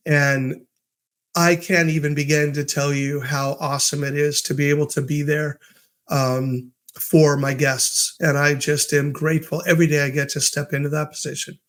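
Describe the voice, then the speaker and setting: A man's voice: on the high side, fairly bright tone. A man hosting his own podcast, giving a casual, upbeat motivational talk and telling stories with fillers and restarts. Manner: upbeat, storytelling with acted quotes. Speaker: podcast host.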